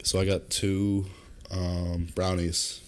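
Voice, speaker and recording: A young man with a very low voice tells a rambling party story on a casual podcast. He swears freely and keeps jumping into shrill, loud acted quotes. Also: takes it slowly, clean tone. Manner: animated storyteller, jumps high into acted quotes; swears freely, comic deadpan asides. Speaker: podcast co-host.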